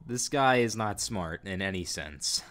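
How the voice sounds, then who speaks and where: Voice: low-pitched, expressive, measured pace, fairly bright tone. A YouTube narrator reading chat logs with exasperated, sarcastic commentary.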